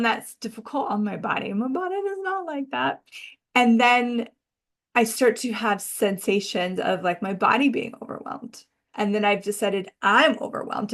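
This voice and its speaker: A woman hosting a self-help podcast, talking reflectively in a casual, musing way, often slowing down and drawing out words. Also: mid-range voice, a bit bright. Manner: musing, conversational, uses "like" a lot. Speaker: podcast host and energy coach.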